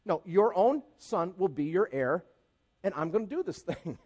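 A man's voice: sits high, sing-song, normal speed, darkish tone, breathy edge, heavily acted. A man voicing God as a patient, firm male deity who sets things straight. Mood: firm, assuring.

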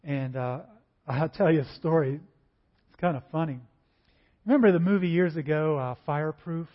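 A man preaching a sermon, conversational and animated, acting out little dialogues in different voices. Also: on the high side, normal speed. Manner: acts out dialogues in varied voices. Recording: dull lo-fi recording.

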